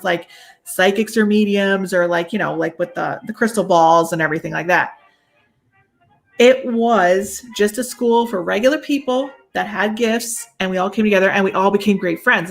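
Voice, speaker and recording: A woman's voice: mid-range voice, a bit bright. A woman hosting a casual chat, a medium who tells chatty stories and acts out what people said. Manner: chatty storyteller, acts out quotes. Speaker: podcast host and medium.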